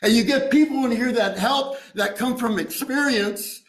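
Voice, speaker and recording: A man's voice: extremely high pitch, moderate pace. Man, streetwise and profane, recovery meeting share, reverberant room. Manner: streetwise, profane, frequent "you know" and "right?". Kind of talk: sharing recovery story at a meeting.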